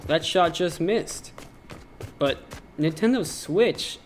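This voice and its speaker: A young man doing deadpan, joking play-by-play commentary for an amateur game tournament. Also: fairly high pitch, slow. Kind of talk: joking esports commentary over gameplay. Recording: game music under the voice.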